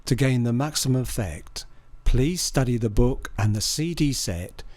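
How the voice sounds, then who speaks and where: A man calmly and earnestly presenting a spiritual healing course in an instructional video. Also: mid-range voice, a little slow, dry recording.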